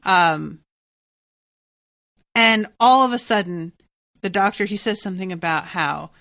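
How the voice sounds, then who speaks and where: A woman's voice: mid-range voice, a little slow, vocal fry, fairly bright tone, no echo. A woman co-hosting a podcast, recapping a TV episode in casual chat, blunt and exasperated, swearing freely. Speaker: podcast co-host.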